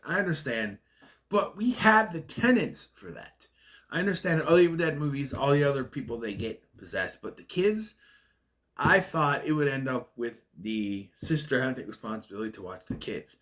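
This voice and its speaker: Male film reviewer with a stutter, ranty and nitpicky, mid-pitched, casual vlog delivery. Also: animated, moderate pace, fairly bright tone. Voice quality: stutters, stalls on words. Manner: ranting, nitpicky. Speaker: movie reviewer.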